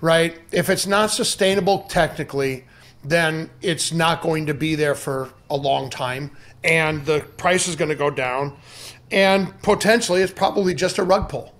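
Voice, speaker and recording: A man's voice: on the high side, moderate pace, a bit bright. A man as a podcast guest, answering casually with many restarts and hesitations.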